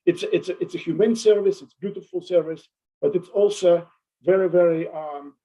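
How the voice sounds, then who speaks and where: Emotional halting man testifying. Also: high-pitched, dark tone, lo-fi sound. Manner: halting, many restarts, emotional. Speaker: adult day center owner testifying. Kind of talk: public hearing testimony.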